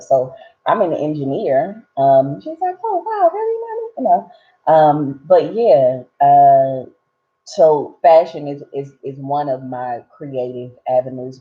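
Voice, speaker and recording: A woman hosting a live gratitude session, chatting casually and rambling with lots of fillers. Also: a bass voice. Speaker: host of a live gratitude practice. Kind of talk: casual live-stream chat. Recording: dull lo-fi sound.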